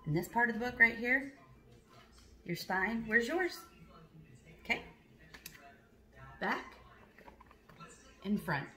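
A preschool teacher reading a picture book aloud, pausing to quiz the children and praise them. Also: female voice, fairly high pitch, animated, pushed and bright. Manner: slow, questioning, encouraging.

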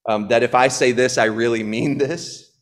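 A man's voice: mid-range voice, steady tone, normal speed. Earnest man preaching a sermon. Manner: earnest, repeats key phrases, frequent fillers. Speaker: pastor. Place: church.

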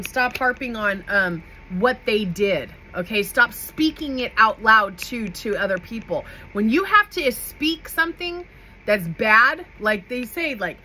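Woman tarot reader talking casually to camera; bright, emphatic, frequent "okay?", light background hiss. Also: mid-range voice, rough recording. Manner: chatty, emphatic, repeats "okay?", laughs often.

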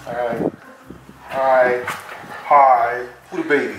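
A man's voice: medium pitch, flat delivery, drawn-out words, reverberant, noisy background. A man casually coaxing and teasing his dogs at home, caught off-mic by the vlog camera. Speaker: husband on the vlog.

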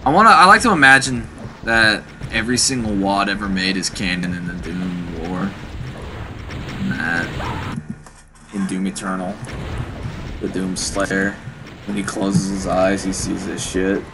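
A man's voice: sits low, unhurried, long pauses, rough recording. A man giving casual gameplay commentary, rambling and swearing as he tells loose stories while he plays. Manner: rambling, profane, laid-back storytelling. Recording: voice over loud game music.

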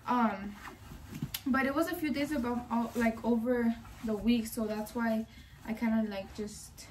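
A woman's voice: fairly high pitch, unhurried, slight background noise. Chatty young woman vlogging on her phone. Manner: rambling, chatty, self-described yapper. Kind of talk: casual vlog chat to camera. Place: at home. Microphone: phone camera.

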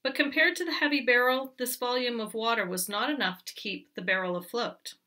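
A woman teacher reading a picture book aloud to children, explaining clearly, recorded from a distance. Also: on the high side, fairly quick, pushed and bright.

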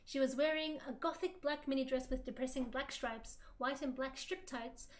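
A woman with a high voice reads fan fiction aloud as a livestream guest. Her delivery is mock-dramatic and full of laughter. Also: moderate pace. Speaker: guest co-streamer.

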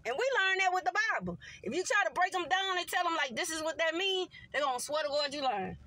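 A woman vlogger tells a story straight to her viewers in a high, bright voice with a crisp edge. She talks in an animated, slangy way. Her delivery stays relaxed and conversational. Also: fast talker. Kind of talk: casual storytelling monologue.

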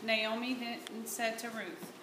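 A woman's voice: fairly high pitch, slow. A woman with a Southern American accent narrating a Bible story aloud in church as a volunteer reader. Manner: plain steady storytelling read. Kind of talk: reading scripture narration. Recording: echoey church room with hiss.

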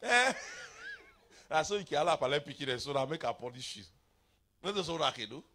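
Preacher man, middle-aged, bright voice sitting a bit high, pidgin english sermon, jumps from mutters to shouts. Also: normal speed, slightly rough. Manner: animated preaching in pidgin-laced English, sudden shouts and playful asides. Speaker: apostle preaching at a revival.

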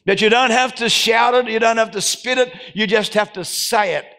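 An Australian man preaching a sermon as pastor, calling out to the congregation and rising into shouted declarations, recorded in a church hall. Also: extremely high pitch, normal speed.

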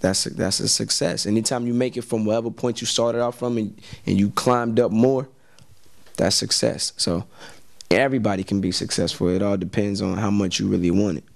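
A man's voice: lowish voice, fairly even intonation, fairly quick, vocal fry, no echo. An American man chatting in an interview, laid-back and slangy, often repeating words as he starts a sentence. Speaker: rapper and actor guest. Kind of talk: casual interview chat.

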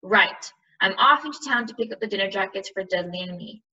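A woman's voice: medium pitch, animated, fairly quick, bright, forceful tone, far from the mic, highs cut off. A woman reading as a bossy, nasty uncle. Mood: gruff. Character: blustering bossy middle-aged uncle.

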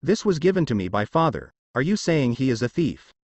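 A man's voice: mid-range voice, very animated, a little fast, a little mellow, no room sound, highs cut off. A man voicing a suspicious, hot-tempered young male demigod warrior in a story narration. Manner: suspicious, defiant.

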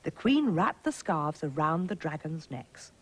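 A woman presenting a schools programme, reading a storybook to young children in a gentle, clear, sing-song way. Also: sits low, sing-song, a little slow, rough recording.

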